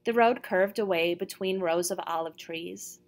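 A woman narrating a first-person novel in a steady, measured storytelling voice. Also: lowish voice. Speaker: audiobook reader.

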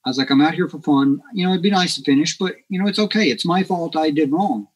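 A man's voice: a little high, fast talker, breathy edge, dull audio. A man guest on a podcast, telling a story casually and acting out the dialogue with lots of energy. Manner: animated, acts out quoted dialogue.

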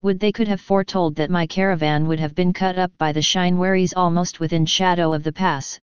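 A woman's voice: lowish voice, steady tone, brisk, smooth, dry recording, dull audio, close to an everyday voice. A woman voicing a bitter male merchant agent who grumbles as he talks. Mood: grumbling.

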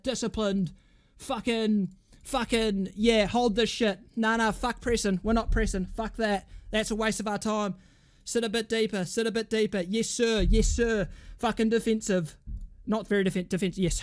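A young man's high-pitched, steady-toned voice moves at a moderate pace as he plays a football manager game for his YouTube channel. Swearing throughout, he veers from panic to screams of joy, with faint noise behind him.

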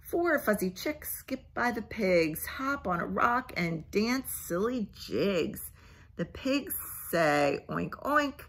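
Reading a picture book to children at bedtime, this woman librarian asks them soft questions and sinks toward a near-whisper. Her mid-range voice is expressive and slow, with a breathy edge to it.

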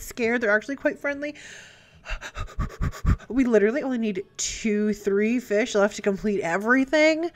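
A young woman giving let's play commentary, chatty and prone to excited squeals and gasps. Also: a little high, normal speed. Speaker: gaming YouTuber. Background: faint game music.

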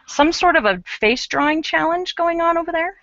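Bright, chatty woman craft host. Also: very high-pitched, expressive, normal speed, no echo, lo-fi sound. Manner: chatty, self-mocking, explains while working. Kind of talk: casual live craft chat.

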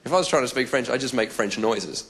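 A man's voice: mid-range voice, fast, a bit bright. A man with an Australian accent doing stand-up comedy, chatty and self-mocking, on a live stage mic.

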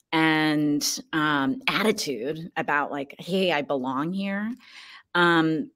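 A theater director in an interview, speaking earnestly and haltingly with frequent fillers. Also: female voice, deep voice. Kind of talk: casual interview conversation.

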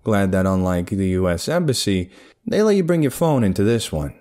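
A man narrating a dark first-person crime horror story in a casual, streetwise way. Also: fairly low pitch, big pitch swings, normal speed, soft background music.

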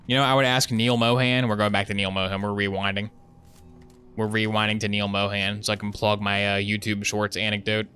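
A man's voice: lowish voice, flat delivery, brisk, bright, forceful tone, clear, resonant tone. A young man giving casual, sarcastic live commentary while playing a shooter, rambling into jokey asides. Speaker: gaming streamer.

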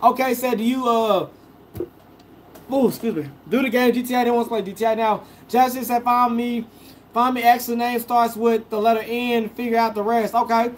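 Young man, high-pitched, food vlogger, live stream chat, reads comments aloud, casual. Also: fairly even intonation, moderate pace, slight background noise. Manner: casual, reads each comment then answers it.

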